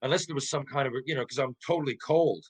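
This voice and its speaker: A man's voice: fast, slightly rough, poor audio. A middle-aged man, a former pro hockey player, telling a casual anecdote as a podcast guest, swearing freely and tripping over restarts. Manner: lively, profane, stumbling restarts, jumps into high voices for quotes.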